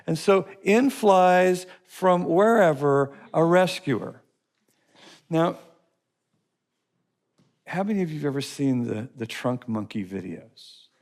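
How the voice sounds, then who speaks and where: A man's voice: a little high, vocal fry, a little mellow. A man teaching a course session, speaking emphatically with repetition and stories. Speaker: teacher of a life-skills course. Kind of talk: teaching talk to a class.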